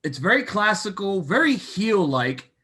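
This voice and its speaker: Excitable young man talking wrestling. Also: high voice, measured pace, husky. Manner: excitable, animated with many fillers. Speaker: co-host. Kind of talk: casual wrestling chat.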